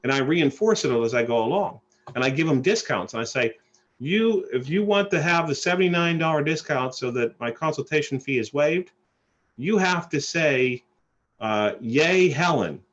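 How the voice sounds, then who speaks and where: Guy pitching his credit service on a group call, keeps repeating himself, muffled lo-fi audio. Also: moderate pace. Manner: animated, repeats and restarts phrases. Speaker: credit repair presenter. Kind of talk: sales presentation on a call. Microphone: phone or call line.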